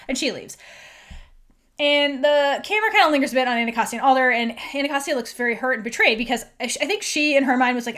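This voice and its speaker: Woman podcast host recapping an episode, kinda high voice, says like a lot. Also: quick pace, a bit bright. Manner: chatty, lots of "like", acts out characters' lines.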